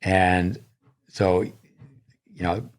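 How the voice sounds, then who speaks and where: A man's voice: sits low, little pitch movement, very slow. An older man, a tennis coach and podcast co-host, telling long digressive stories in casual chat, with many restarts.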